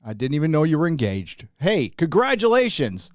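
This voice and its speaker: A man's voice: a little high, huge pitch swings, normal speed, noisy background. A tired man hosting a livestream, chatting casually and rambling as he reads out viewer names. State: tired, running on little sleep. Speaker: livestream host.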